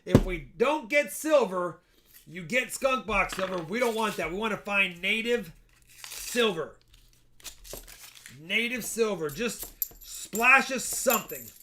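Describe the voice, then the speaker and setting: A man's voice: high voice, lively intonation, slow, pushed and bright, slight background noise. A man hosting a casual live stream, chatty and joking as he thanks donors. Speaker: livestream host.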